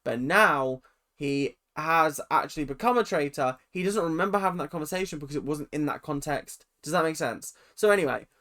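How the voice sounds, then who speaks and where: A man's voice: a little high, lively intonation, a little fast, bright, forceful tone. A young man recapping a reality show episode on his vlog, opinionated and rambling, drifting off on tangents and sounding tired. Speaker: reaction vlogger.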